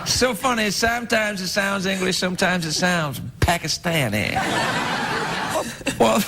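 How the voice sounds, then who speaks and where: A man's voice: high-pitched, lively intonation, a little slow, very noisy, voice pushed up. A man voicing a teasing male boyfriend puppet who jokes and begs his sweetheart not to leave. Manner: wheedling, pleading, joking. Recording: loud studio audience laughter.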